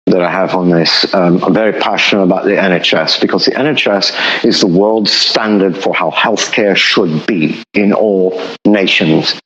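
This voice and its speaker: A man's voice: deep voice, normal speed, hardly any pauses, a bit bright, echoey room. A man speaking as an economist guest on a podcast, explaining passionately and repeating points for emphasis. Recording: dull lo-fi audio.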